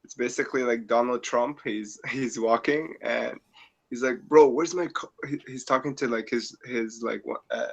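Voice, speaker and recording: Bright-voiced man telling a funny story. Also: mid-range voice, moderate pace, vocal fry. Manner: animated storyteller, acts out quotes, laughs often. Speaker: collector in group chat.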